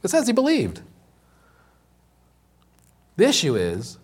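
A man preaching a sermon, stressing key points by repeating them, slowing down on important words, with some fillers and restarts. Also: medium pitch, animated. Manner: repeats key lines for emphasis, with many slow, drawn-out words. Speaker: pastor.

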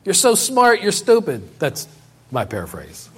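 A man preaching a sermon, reading scripture aloud and paraphrasing it, rising high and loud in quotes and dropping low and quiet to drive points home, repeating key phrases. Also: huge pitch swings, unhurried, slightly rough.

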